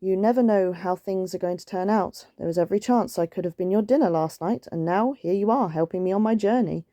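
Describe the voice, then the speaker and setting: A woman voicing a calm, wise male cat who speaks in a measured, gentle way. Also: mid-range voice, dry recording, lightly acted.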